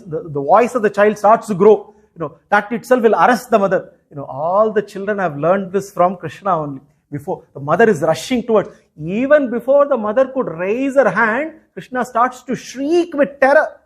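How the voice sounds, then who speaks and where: A man's voice: high-pitched, slightly rough. A man, a spiritual teacher animatedly retelling a scripture story with many "you know" asides.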